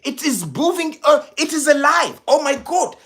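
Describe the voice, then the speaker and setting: A man's voice: extremely high pitch, very animated, moderate pace, a bit bright, pitched above the performer's own voice, exaggerated voice. A man voicing an indignant male head of state who taunts a rival leader in a formal, theatrical way. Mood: mocking.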